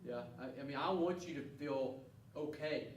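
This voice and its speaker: A man teaching a class goes over test questions in an earnest manner, frequently restarting what he says. His voice is medium-pitched at a moderate pace, with a little hiss or hum, recorded from a distance in an echoey classroom.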